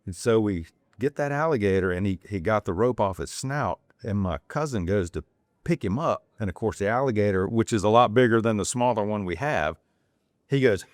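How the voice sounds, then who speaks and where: Low-voiced man telling rambling stories. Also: lively intonation, a little fast, dry recording, clean studio sound. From North Carolina. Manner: rambling, digressive anecdotes with restarts; acts out quoted people in a raised voice. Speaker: podcast guest. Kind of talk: casual storytelling.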